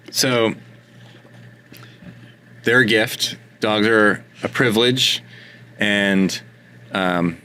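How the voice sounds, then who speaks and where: A man's voice: fairly low pitch, very slow, long pauses, pushed and bright, a little hiss or hum. A man as an interview guest, talking in a thoughtful, casual way and searching for words. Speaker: interview guest, dog photographer.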